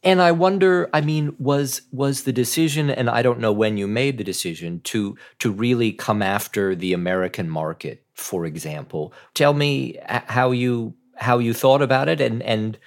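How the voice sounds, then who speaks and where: A man's voice: medium pitch, normal speed, few pauses. A man hosting a podcast, asking long questions with frequent restarts and repeated words. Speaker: podcast host.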